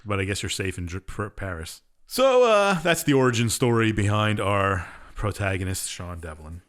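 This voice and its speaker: A man's voice: lowish voice, big pitch swings, moderate pace, a bit bright. Casual man recapping a game plot. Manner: rambling plot recap, offhand and sarcastic. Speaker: podcast co-host. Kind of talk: casual chat.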